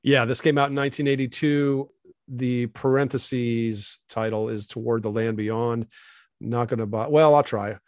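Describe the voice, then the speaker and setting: A man in casual music talk, enthusiastic and a bit rambling, laughing easily between thoughts. His voice sits at a middle pitch and sounds dry and close to the mic. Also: steady tone, normal speed, darkish tone, no room sound. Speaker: radio show co-host.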